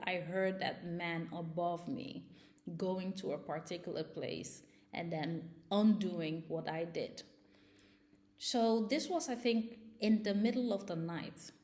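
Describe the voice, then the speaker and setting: A woman's voice: medium pitch, darkish tone. A young woman vlogger recounting a personal ordeal, agitated, with frequent fillers and restarts. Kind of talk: personal storytelling.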